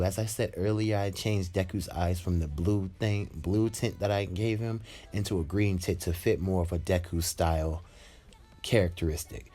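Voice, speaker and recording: A man tells a homemade fan story in a loose, rambling style, often restarting and adding fillers. His voice is low with a dark, mellow tone, and faint music plays behind him. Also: steady tone, moderate pace. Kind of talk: casual storytelling narration.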